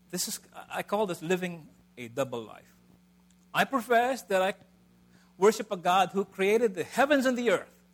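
A middle-aged man preaching a sermon in a conversational way, swinging between loud emphasis and soft asides. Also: on the high side, slight background noise.

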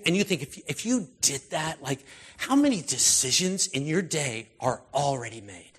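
A man's voice: fairly high pitch, big pitch swings, normal speed, a bit bright, husky. A middle-aged male pastor giving a sermon in a loose, conversational way, with many fillers and restarts.

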